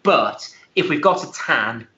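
A man's voice: medium pitch, animated, a little slow, bright, forceful tone, dull audio. A British man in his forties, a guest on a call from his office, chatting casually and teasing the host. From Britain. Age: 40s. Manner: cheeky, teasing, self-mocking. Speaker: guest, company co-founder. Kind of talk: casual joking chat over a call. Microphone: internet call.

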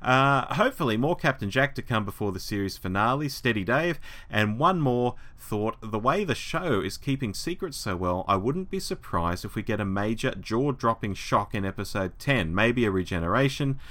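A man's voice: fairly low pitch, animated, moderate pace, hardly any pauses, a bit bright. A man hosting a casual podcast, reading listener messages with enthusiasm. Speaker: podcast host. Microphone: remote call line.

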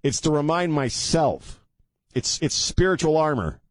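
A man's voice: on the high side, animated, measured pace, no room sound, clean studio sound. A man hosting a talk radio show, rambling casually and joking at his own expense, then turning earnest about faith. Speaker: radio host. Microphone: studio mic with headphones.

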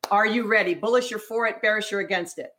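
A woman's voice: mid-range voice, quick pace, pushed and bright. Upbeat woman hosting a podcast. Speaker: podcast host. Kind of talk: hosted interview.

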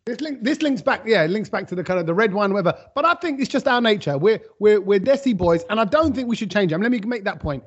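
A man tells stories in a casual podcast chat, acting out what people said. His voice sits high, and the sound is a little muffled. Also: quick pace, few pauses, husky. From England. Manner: animated storyteller, acting out quotes. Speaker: podcast co-host.

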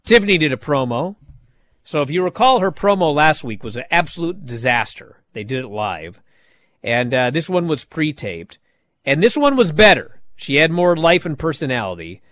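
A man hosting a wrestling podcast talks in a lively, swooping voice that sits a little high for a man. He tells stories animatedly and drops into mocking impressions. The sound is dry and close to the mic. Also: normal speed, dry recording. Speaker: podcast host recapping wrestling. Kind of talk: casual recap chat.

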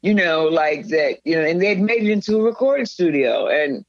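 A woman's voice: deep voice, normal speed, dry recording. Older woman telling a rambling story. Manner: rambling, animated, with frequent restarts and laughs. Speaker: guest. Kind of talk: storytelling in a conversational interview. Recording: slightly dull, dry sound.

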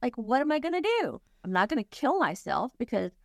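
A woman's voice: a little high, sing-song, a little fast, vocal fry, no room sound, studio quality. A middle-aged woman, a grief counselor, speaking candidly and earnestly in a conversational interview, acting out her own past thoughts as she talks.

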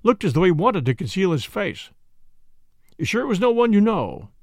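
A man reading the part of a brisk middle-aged police inspector, blunt and questioning, in an audiobook. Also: high voice, very animated, no echo, clean studio sound. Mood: probing.

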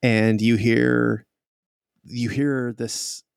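Man as game master, slow gravelly narration, rambling and laughing. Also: medium pitch, little pitch movement, dry recording. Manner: laughing, rambling storytelling with restarts.

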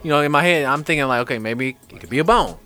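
A man on a casual podcast tells a story in loose street slang and often laughs mid-sentence. His pitch leaps around as he acts out what he said, and faint music sits under his voice. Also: quick pace. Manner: animated, slangy, laughs while telling stories.

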